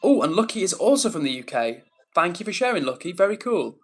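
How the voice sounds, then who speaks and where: A man's voice: sits high, big pitch swings, quick pace. A young Englishman hosting a live stream, reading out viewer comments and greeting each person by name in a friendly, casual way. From England.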